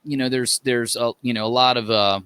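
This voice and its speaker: Musician dude on a podcast, rambly, lots of "you know", bright smooth voice, dry sound. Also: male voice, medium pitch, steady tone, a little fast, dry recording. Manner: rambling, with many fillers and restarts, laughs often. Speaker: musician guest. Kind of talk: casual chat.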